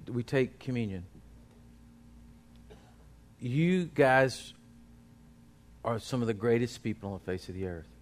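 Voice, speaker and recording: A man's voice: mid-range voice, fairly bright tone. A male pastor, preaching a sermon in a folksy, exhorting way.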